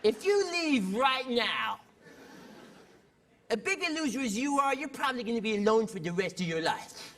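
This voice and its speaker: A man's voice: extremely high pitch, very animated, moderate pace, a little hiss or hum, heavily acted. A man doing a sneering inner voice of self-doubt. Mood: mocking. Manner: mocking, belittling. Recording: distant stage mic, loud audience.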